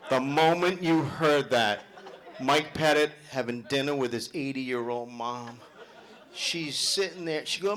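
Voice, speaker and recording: A middle-aged man doing loud, animated, swearing stand-up storytelling at a club show. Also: mid-range voice, unhurried. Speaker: stand-up comedian. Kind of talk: live stand-up comedy. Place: club event hall with live audience.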